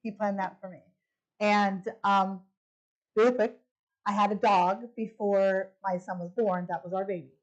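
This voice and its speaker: A woman's voice: a little slow, muffled recording. A middle-aged woman giving a personal testimony at a church women's retreat, animatedly acting out the quoted lines. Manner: animated, acts out quoted lines with big pitch jumps.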